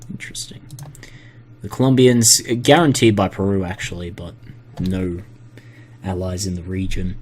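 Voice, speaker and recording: A man's voice: sits low, a little hiss or hum. Man casually commenting on a game. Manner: relaxed, self-deprecating, stumbling over place names. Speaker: gaming commentator.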